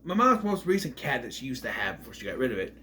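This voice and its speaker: A man's voice: medium pitch, big pitch swings, quick pace, sharp tone. A man casually reviewing a movie on video, rambling off on tangents.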